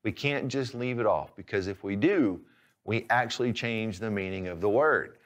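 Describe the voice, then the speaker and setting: Male teacher, patient, clear, step-by-step, fairly low voice. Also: normal speed. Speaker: language teacher. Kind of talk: instructional lesson.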